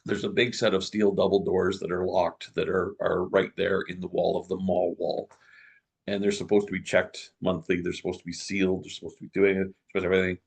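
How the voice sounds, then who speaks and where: A middle-aged man telling a story as a guest in an interview, lively and full of restarts. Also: sits low, fairly quick, creaky, slightly rough. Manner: animated storyteller, many restarts.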